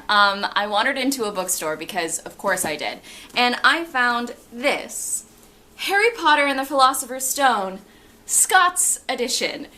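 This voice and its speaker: A young woman in her twenties chatting casually and excitably about her books, laughing often. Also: a little high, a little hiss or hum. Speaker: book vlogger. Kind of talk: casual chat.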